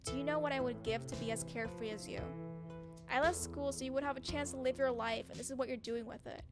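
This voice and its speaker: Scolding older sister, played by a woman with a high voice, game music behind. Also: fairly even intonation, quick pace, close to an everyday voice. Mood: stern. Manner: stern, lecturing.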